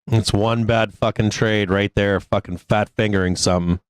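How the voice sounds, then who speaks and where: Angry profane man, low smooth voice. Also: fairly even intonation, no room sound. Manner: angry, profane, halting with many fillers. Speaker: stock trading show host. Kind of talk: live trading commentary.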